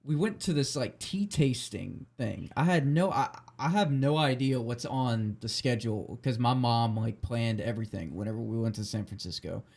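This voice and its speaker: A man's voice: mid-range voice, normal speed, creaky, hardly any pauses, a little mellow. A drunk man telling a story as a podcast host, rambling, swearing and restarting often.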